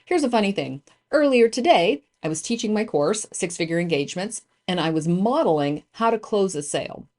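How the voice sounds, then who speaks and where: A woman hosting a podcast, introducing the episode and her guest, stressing words with higher, louder bursts. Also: expressive, brisk, hardly any pauses. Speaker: podcast host.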